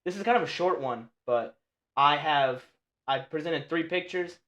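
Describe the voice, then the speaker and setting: A young man hosting a podcast with his father, earnest and easily flustered, talking in quick bursts. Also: fairly high pitch, fairly bright tone, muffled recording. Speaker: podcast host, son. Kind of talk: casual chat.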